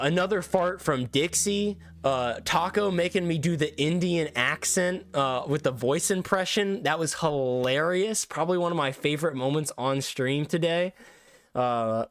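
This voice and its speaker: A man's voice: on the high side, expressive, a little slow, no room sound. A young man talking casually to his stream from his room at home, thanking viewers at length in a rambling, effusive way with many restarts. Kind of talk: casual livestream sign-off chat.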